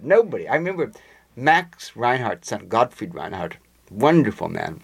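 Animated gravelly male storyteller. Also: medium pitch, normal speed. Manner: animated raconteur, acts out quoted voices. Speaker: interviewee telling anecdotes. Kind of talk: conversational storytelling.

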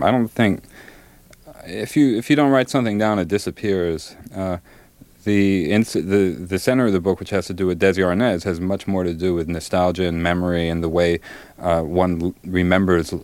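Deep-voiced man, hesitant and thoughtful. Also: fairly even intonation, normal speed, darkish tone, dry recording. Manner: thoughtful, hesitant, many fillers. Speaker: novelist, interview guest. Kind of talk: interview answers and reading aloud.

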